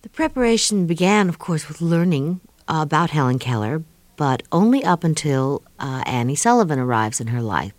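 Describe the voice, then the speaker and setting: A middle-aged woman from New York, a guest speaking thoughtfully in an interview and pausing often with fillers. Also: low-pitched, big pitch swings, dry recording. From New York, USA. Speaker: guest, author of an autobiography. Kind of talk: reflective interview talk.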